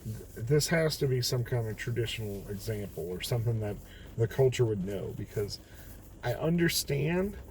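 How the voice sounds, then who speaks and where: A man's voice: medium pitch, animated, normal speed, darkish tone, slight background noise, rough recording. A man reading Bible verses aloud and then reflecting on them in a plain, candid way, sitting in his car. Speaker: host of a daily Bible reading video. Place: in a car on a rainy night.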